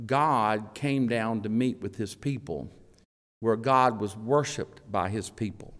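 A man preaching a sermon to his congregation as their elder, emphatic and deliberate, with long pauses between phrases. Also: lowish voice, fairly bright tone. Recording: long reverb of a large hall.

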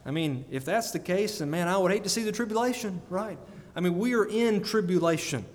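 A man preaching a sermon, animated and often breaking into laughter between emphatic peaks. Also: sits high, fairly quick. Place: church sanctuary. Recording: long church reverb.

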